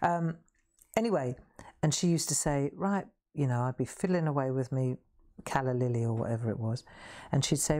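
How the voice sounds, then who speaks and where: A woman's voice: a bass voice, normal speed, mellow. A woman hosting a live craft demonstration, chatty, self-deprecating and reassuring as she paints. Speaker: craft host.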